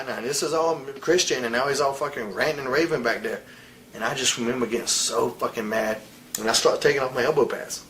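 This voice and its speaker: A man in his forties speaks in a candid, heated interview, blunt and full of profanity. His voice sits at a middle pitch. Faint noise runs under the recording. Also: a little fast, fairly bright tone, low-quality recording. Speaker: interviewee, wrestler.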